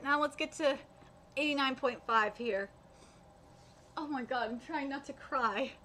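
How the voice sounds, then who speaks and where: A woman's voice: high-pitched, a little slow, pauses often, bright, forceful tone, slight background noise. A woman reading manga aloud live and reacting emotionally at home, with a desk mic. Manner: emotional, exclaiming.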